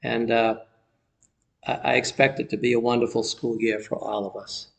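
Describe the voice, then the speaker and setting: A man's voice: mid-range voice, flat delivery, moderate pace, gravelly. A man teaching math in a recorded video lesson, explaining step by step in a patient, encouraging way, indoors in a room. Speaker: sixth-grade math teacher. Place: indoor room with automatic lights.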